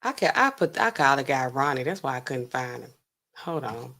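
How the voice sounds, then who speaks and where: A woman hosts a casual livestream as a pharmacist, chatting to her viewers with sass and incredulous laughter. Her voice is extremely low-pitched yet very animated, a bit bright, at a normal pace.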